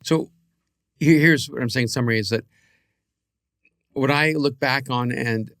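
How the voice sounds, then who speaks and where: Gravelly-voiced man giving earnest advice. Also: mid-range voice, a bit bright, dry recording, studio quality. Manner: earnest, preachy advice with halting restarts. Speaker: podcast co-host. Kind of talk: reflective podcast conversation.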